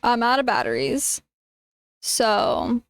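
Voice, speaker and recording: A woman VTuber streaming a game in casual chat, dramatic, swearing a lot and bursting into shouts, her throat strained from yelling. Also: on the high side, sing-song, slow, vocal fry, no room sound, rough recording.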